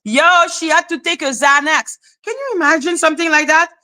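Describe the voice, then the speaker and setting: A woman hosting a casual live stream, telling a gossip story in an animated, exasperated way and swearing freely. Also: high-pitched, brisk.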